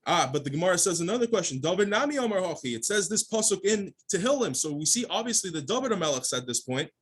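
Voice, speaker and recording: A rabbi teaching his daily Talmud lesson speaks quickly in a husky voice that's fairly high for a man, with lively intonation. He reads the Aramaic line by line, explaining each phrase in plain English, and often stops and restarts while searching for the right words.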